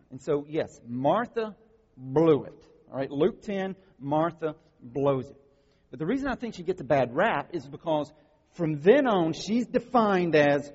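A man's voice: fairly high pitch, big pitch swings, moderate pace, darkish tone, husky. A man preaching a sermon in a conversational way, often checking in with his listeners. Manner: conversational preaching with frequent check-ins like "right?" and "okay?". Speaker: pastor. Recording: dull lo-fi sound with long hall reverb.

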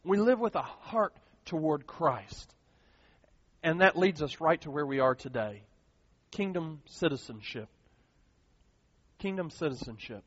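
A man preaching a sermon as pastor, earnest and animated, repeating key phrases for emphasis. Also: fairly high pitch, unhurried, breathy edge, no echo. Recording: dull lo-fi sound, dry.

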